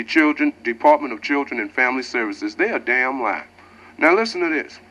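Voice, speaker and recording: A man's voice: sits high, pushed and bright, poor audio. Furious profane man ranting on the radio. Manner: furious, profane, preaching to listeners. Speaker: community radio host. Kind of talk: angry talk-radio monologue.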